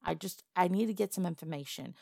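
Woman doing a gravelly low goblin gal, brash n blunt, picks fights, role-play audio. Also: quick pace, darkish tone, dry recording, clean studio sound. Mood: angry. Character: gruff tough female goblin, blunt and threatening.

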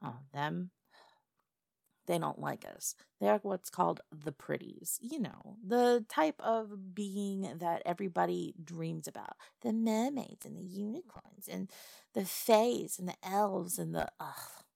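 A woman's voice: fairly low pitch, slow, creaky, a little mellow, dry recording, clean studio sound, heavily acted. A woman voicing a brash, blunt female goblin in a listener role-play audio. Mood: annoyed. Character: gruff tough female goblin, blunt and threatening.

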